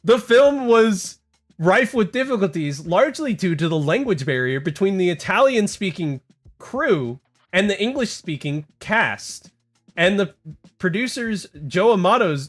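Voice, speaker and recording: A man livestreaming in casual chat, rambling and excitable, talking straight to his viewers and reading bits aloud. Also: sits high, moderate pace. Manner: rambling and excitable, heavy on "like" and "dude"; talks to chat, reads text aloud. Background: faint music.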